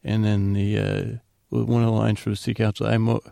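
A man's voice: fairly low pitch, little pitch movement, a little fast, vocal fry, mellow, smooth, no echo. A man hosting a sleep podcast, loosely retelling a TV episode in a meandering way, quoting the characters' lines. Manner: meandering, retells scenes with loose quoted dialogue. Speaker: podcast host. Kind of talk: rambling sleepy recap.

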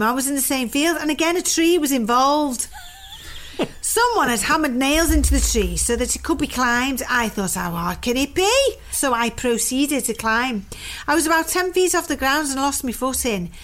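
A woman, co-hosting a casual podcast, reading listener emails aloud and often breaking into loud laughs. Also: a little high. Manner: laughs often, exclaims loudly. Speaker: podcast co-host.

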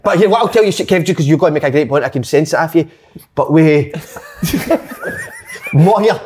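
Scottish man, football banter, fast, slightly high voice, emphatic. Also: a little hiss or hum. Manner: animated, swearing, emphatic. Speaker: podcast co-host.

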